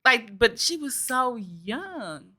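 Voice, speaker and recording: Bright-voiced woman giving short replies. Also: on the high side, very animated, slow, breathy edge. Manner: short agreeing replies and brief comments. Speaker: co-host, the host's sister. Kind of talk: casual chat.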